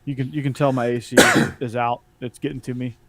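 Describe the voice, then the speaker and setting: Guy cracking jokes on a podcast, mid-pitched voice. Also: level tone, fairly quick, very noisy. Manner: joking, laughs often. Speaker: podcast co-host. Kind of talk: casual chat.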